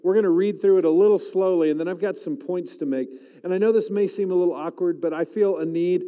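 A man in his forties preaching at a chapel service, swinging from loud, emphatic lines to a soft, hushed voice when he prays, and calling on the crowd to answer back. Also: high-pitched, fast, long reverb tail. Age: 40s. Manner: animated, rising loud for emphasis, dropping soft to pray; calls out to the audience. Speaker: chapel speaker. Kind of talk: sermon.

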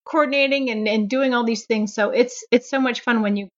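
A woman's voice: on the high side, fairly even intonation, fairly quick. A woman co-hosting a podcast, chatting in an upbeat way and laughing easily. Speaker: podcast co-host. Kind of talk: casual podcast chat. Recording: dull lo-fi audio.

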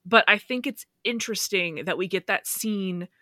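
A woman co-hosting a casual film-discussion podcast, thinking aloud in halting, animated bursts. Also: medium pitch, no echo, clean studio sound. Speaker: podcast co-host.

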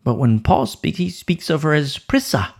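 A man's voice: a little high, expressive, normal speed, creaky. A man teaching the Bible informally from the pulpit, with a sore throat and frequent restarts and repeated words. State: sore throat, pausing to sip coffee. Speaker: preacher.

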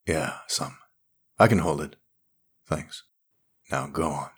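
A man voicing a weary, battered male space rogue in a low, terse voice. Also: slow pace, husky, exaggerated voice.

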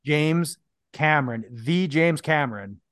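A man's voice: a little high, expressive, unhurried, a bit bright, no room sound, studio quality. A man co-hosting a podcast, chatting casually and sharing film trivia with some swearing. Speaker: podcast co-host.

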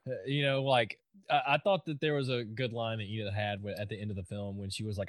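A man's voice: fairly low pitch, fairly even intonation, quick pace, hardly any pauses, no echo, clean studio sound. A man on a casual movie review podcast who talks in a rambling, hesitant way and mimics lines from the film. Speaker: podcast co-host.

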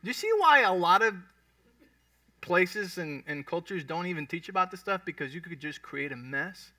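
A man's voice: high voice, lively intonation, normal speed, pushed and bright, no room sound, distant mic. A man preaching a sermon in a conversational way, often checking in with his congregation. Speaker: pastor. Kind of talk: sermon teaching.

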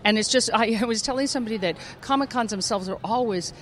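A woman's voice: fairly high pitch, fast, a bit bright, a little hiss or hum. A woman voice actress chatting as a guest in an interview at a comic convention, laughing often as she tells anecdotes. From United States. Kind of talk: casual interview chat.

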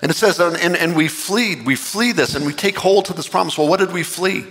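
A man preaching a sermon, impassioned and earnest, with excited rising bursts. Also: sits high, fairly quick, in a large hall, slight background noise. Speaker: pastor.

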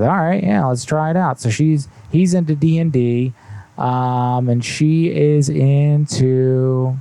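A man's voice: fairly high pitch, slow, gravelly, dark tone, clean tone, no room sound. A man hosting a casual livestream, reading out viewer messages in loose slang and swearing freely. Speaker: livestream host.

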